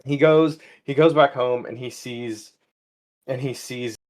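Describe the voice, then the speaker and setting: A young man co-hosting a comedy podcast, telling an absurd story in halting, rambling bursts. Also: medium pitch, darkish tone. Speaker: podcast co-host. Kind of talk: casual comedic chat.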